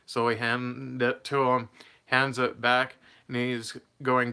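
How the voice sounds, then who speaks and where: Young man, casual storytime, bright clear voice, rambling, chuckles between sentences. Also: medium pitch, monotone, slow pace. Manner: rambling, laughs mid-sentence, loses his train of thought. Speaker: vlogger telling a personal story.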